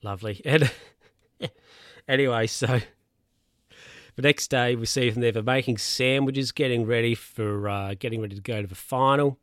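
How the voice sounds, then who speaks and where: A man's voice: medium pitch, fairly even intonation, normal speed, pauses often, fairly bright tone, no room sound, studio quality. A young man casually retelling a film's plot, rambling, chuckling and losing his place to check his notes. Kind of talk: casual film recap.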